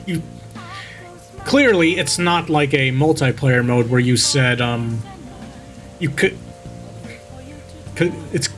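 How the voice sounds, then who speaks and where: A man's voice: on the high side, low-quality recording. A young man reading a cheesy horror story aloud as a VTuber, constantly stopping to mock it, swearing and picking at its grammar. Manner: mocking, swears freely, interrupts his own reading. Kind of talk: story reading with sarcastic commentary.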